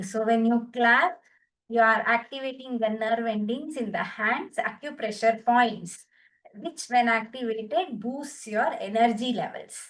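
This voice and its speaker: A woman with an Indian English accent and a slightly high, somewhat bright voice leads a group wellness session as a yoga and laughter therapy instructor. She cues exercises in an upbeat, encouraging way, breaking into bursts of laughter, and sounds distant from the mic.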